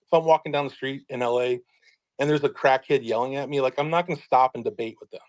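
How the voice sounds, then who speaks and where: A man's voice: medium pitch, fast, no room sound, rough recording. A man in casual online chat, talking heatedly and swearing often. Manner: swearing, worked up.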